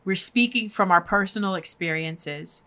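A woman's voice: mid-range voice, moderate pace, pushed and bright. A woman co-hosting a podcast in a chatty, effusive way, laughing easily as she introduces a guest. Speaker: podcast co-host.

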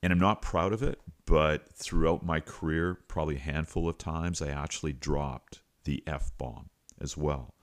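Really deep-voiced middle-aged guy telling a coaching story, chatty, lots of uhs. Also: measured pace, few pauses. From Canada. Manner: conversational, frequent uh fillers and restarts. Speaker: podcast host and coach. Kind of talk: storytelling monologue.

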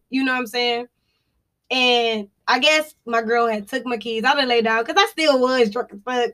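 A woman with a high-pitched voice tells a personal story on a podcast. Her tone is bright and clear, and she is loose and profane. She keeps it animated and full of laughter. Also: moderate pace. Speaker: podcast co-host. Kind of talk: casual storytelling chat.

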